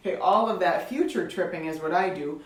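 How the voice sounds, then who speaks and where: A woman's voice: lowish voice, brisk, reverberant, rough recording. A woman co-hosting a faith talk show, coaching listeners earnestly in a casual way.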